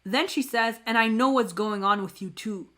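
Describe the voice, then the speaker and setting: A woman's voice: a little high, moderate pace, fairly bright tone. Woman podcaster reading stories aloud. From Canada. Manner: reads aloud with slips and laughs at her own mispronunciations.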